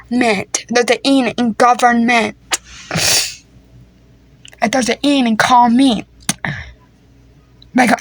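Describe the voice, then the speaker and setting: A woman's voice: on the high side, slightly rough, dry recording. A woman improvising a comedy family skit, talking in a playful, teasing, slangy way. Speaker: creator voicing a family skit.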